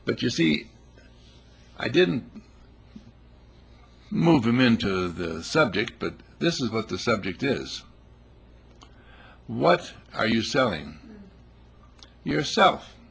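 A man's voice: fairly low pitch, very animated, slow, vocal fry, long pauses, a bit bright, husky. A man giving an informal motivational talk in a folksy manner, repeating his points and acting out little scenes in voices. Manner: folksy, repetitive, acts out quotes in voices.

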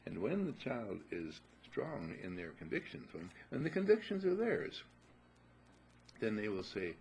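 Man, teaching talk, low voice, gravelly, lively pitch, acts out dialogues. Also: unhurried, a little hiss or hum, low-quality recording. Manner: acts out dialogues, clears throat often.

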